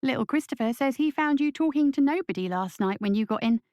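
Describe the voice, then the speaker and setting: A woman voicing a sharp-tongued motherly woman who speaks pointedly and skeptically. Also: high voice, lively intonation, quick pace, no echo, studio quality, pitched above the performer's own voice.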